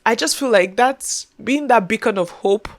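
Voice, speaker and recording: A young woman, a content creator and podcast host, speaks earnestly and casually to camera in a slightly high voice at a moderate pace. She repeats herself as she speaks from the heart, growing emotional and close to tears.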